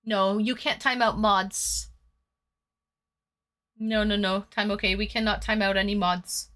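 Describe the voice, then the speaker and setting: This livestreamer paints while chatting casually, reading comments from chat aloud and joking crudely. Her medium-pitched voice is a bit bright, with fairly even intonation and a measured pace.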